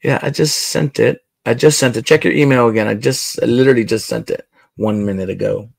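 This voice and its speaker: A man hosts a casual livestream while building, chatting loosely with his viewers and a guest in a laid-back, talkative way. His voice is gravelly and medium-pitched, fairly quick, with no echo.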